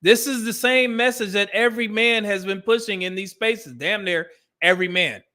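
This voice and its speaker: High bright-voiced man ranting on a stream. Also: moderate pace. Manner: blunt, exasperated, addresses viewers as brother. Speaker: host reacting to a video. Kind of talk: casual livestream commentary.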